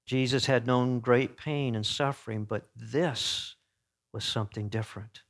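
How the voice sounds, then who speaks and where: A man preaching an earnest sermon. He swings between emphatic peaks and hushed, solemn passages, and often corrects himself mid-phrase. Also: mid-range voice, steady tone, a little slow. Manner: frequent self-corrections and restarts.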